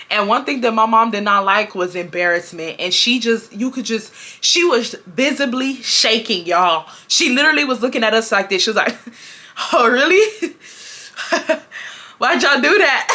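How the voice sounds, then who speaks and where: Young woman from Houston, bright tense voice, slangy animated storytelling, highish pitch. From Houston, Texas. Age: 20s. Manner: animated, slangy, acts out quotes with big pitch jumps. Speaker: storytime vlogger. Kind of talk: casual storytelling to viewers.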